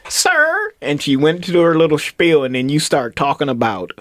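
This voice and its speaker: A young man co-hosting a casual comedy podcast, teasing his partner and chiming in with quick agreement. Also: fairly high pitch, huge pitch swings. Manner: teasing, quick back-channel "right, right". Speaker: podcast co-host.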